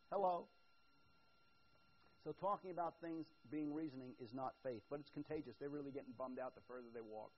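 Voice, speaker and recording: A man preaching a conversational sermon as pastor, shifting from quiet asides to loud, emphatic build-ups. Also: fairly high pitch, normal speed, long pauses, husky, muffled recording.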